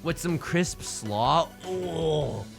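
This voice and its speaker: A young man live-streaming a tile game, bantering with chat in a rambling, jokey way and swinging between shouts and mutters. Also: fairly high pitch, sing-song, normal speed, soft background music.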